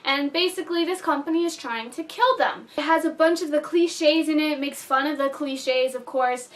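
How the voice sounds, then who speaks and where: A bubbly woman chats through a casual movie review as if telling friends about it, and she keeps slipping into giggles. Her voice is bright and high, at a moderate pace.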